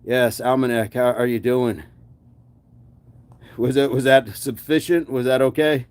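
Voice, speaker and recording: A man's voice: medium pitch, steady tone, measured pace, darkish tone, clear, resonant tone. An American man hosting a daily fitness livestream, reading out chat comments and cheering viewers on in an upbeat, encouraging way. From United States.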